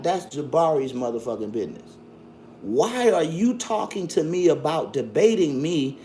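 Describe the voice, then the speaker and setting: Black dude ranting on his stream, cussing and mocking, voice jumping all over, bit of hiss. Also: high voice. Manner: loud, profane, mocking, with frequent laughs. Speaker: livestream host. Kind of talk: combative livestream commentary.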